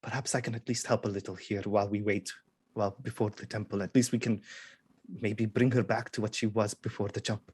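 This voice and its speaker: Guy doing a soft polite lady adventurer, kinda hesitant, tabletop game voice. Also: fairly low pitch, little pitch movement, a little fast, husky, voice pushed down. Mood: hopeful. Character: woman adventurer, gentle and polite.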